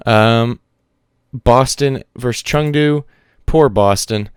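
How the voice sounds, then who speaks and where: A man co-hosting a casual esports podcast, chatting quickly through teams and players. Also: mid-range voice, clear, resonant tone, no echo, clean studio sound. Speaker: podcast co-host.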